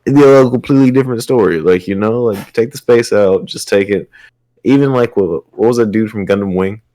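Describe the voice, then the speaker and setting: A man's voice: on the low side, a little fast, mellow. A young man co-hosting a casual anime podcast, talking in a loose, rambling, slangy way. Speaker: podcast co-host.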